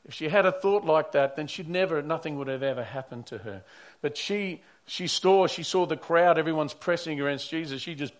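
A man's voice: on the high side, a little fast. A man who is a pastor preaching a sermon, telling stories earnestly and often repeating or restarting his words.

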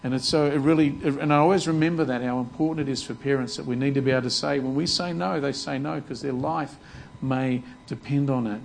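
A man's voice: medium pitch, fairly even intonation, brisk, vocal fry, slight background noise, low-quality recording. A man preaching a sermon earnestly, often repeating words as he restarts his sentences. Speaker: pastor.

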